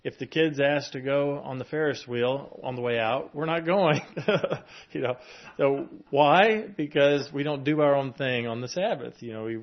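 A man's voice: mid-range voice, moderate pace, highs cut off. Man preaching a conversational sermon. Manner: conversational preaching, with chuckles and fillers. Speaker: pastor.

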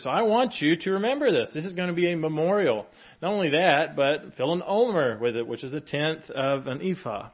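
A man gives a sermon in an easy, conversational way, reading scripture and breaking into small chuckles. His voice sits in a middle pitch. The recording sounds dull and lo-fi. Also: moderate pace. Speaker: preacher.

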